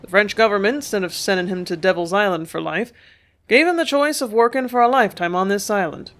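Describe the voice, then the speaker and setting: A reader voicing a gruff middle-aged ship captain who talks in a firm, fatherly, lecturing way. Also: high-pitched, fast talker, a bit bright.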